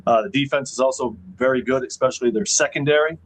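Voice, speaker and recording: A man co-hosting a sports betting show, giving picks in a steady, matter-of-fact way. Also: medium pitch, fast, slight background noise, poor audio. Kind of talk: casual betting talk.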